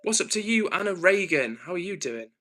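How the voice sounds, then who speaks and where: A man hosts a casual livestream, reading his chat aloud and answering it in an earnest, thinking-aloud way. His voice sits a little high and sounds bright and forward. He often pauses with ums and restarts his sentences. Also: sing-song, poor audio. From north of England. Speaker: livestream host.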